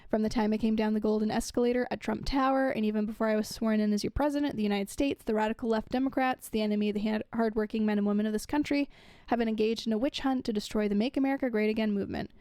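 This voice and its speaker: A woman's voice: fairly high pitch, steady tone, rapid-fire, mellow, smooth, no echo. A young woman giving casual commentary, reading news quotes aloud and adding chatty asides with fillers.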